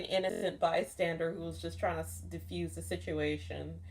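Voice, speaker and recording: There's slight background noise as a young woman vlogger tells a dream story at a moderate pace, her lowish voice steady and a little mellow. It's casual and rambling, with lots of profanity and "like" fillers.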